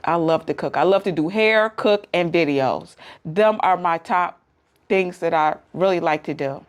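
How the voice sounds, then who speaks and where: A woman's voice: on the low side, moderate pace. Chatty woman vlogger with AAVE. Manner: chatty, emotional, laughs easily. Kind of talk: casual talk to camera.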